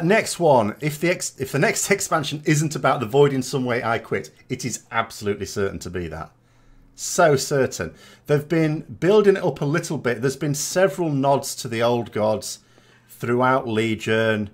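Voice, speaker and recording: Chatty British man with lively pitch. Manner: chatty, rambling, with rhetorical asides and tag questions. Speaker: gaming vlogger. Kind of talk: casual chat reading viewer comments.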